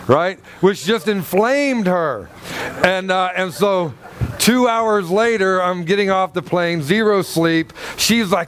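High-voiced rambling male preacher. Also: moderate pace, a bit bright, slight background noise. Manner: rambling, repeats and restarts, checks in with the congregation. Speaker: pastor. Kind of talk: sermon with Bible reading and anecdote.

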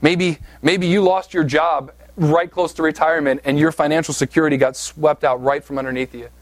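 A man's voice: a little high, fairly even intonation, fairly quick, dry recording. A man from southeast Pennsylvania preaching a sermon, telling a personal story in a conversational, self-deprecating way with frequent "right?" asides. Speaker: pastor.

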